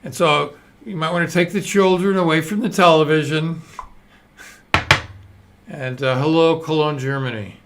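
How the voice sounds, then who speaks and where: A man's voice: a little high, steady tone, normal speed, pauses often, background noise. Rambling older man hosting a live stream. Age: 70s. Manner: loose, digressive and self-mocking, swears and laughs at himself. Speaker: host.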